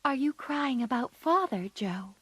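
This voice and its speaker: Woman doing a kind older sister, gentle, slow. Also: high voice, expressive, breathy edge, no echo, voice pushed up, exaggerated voice. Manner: kind, grateful. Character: caring, sensible eldest sister.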